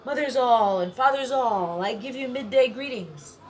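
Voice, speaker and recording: A woman's voice: a little high, animated, normal speed, darkish tone, pitched above the performer's own voice, lightly acted. Storybook leopard, male, jealous and demanding; woman reader does him. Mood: bossy. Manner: bossy and demanding.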